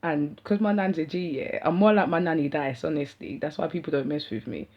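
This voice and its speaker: Young London woman vlogger, husky and slangy, on a dull lo-fi recording. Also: low-pitched, brisk. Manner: slangy, animated, rambling. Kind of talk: casual storytelling to camera. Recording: dull lo-fi sound.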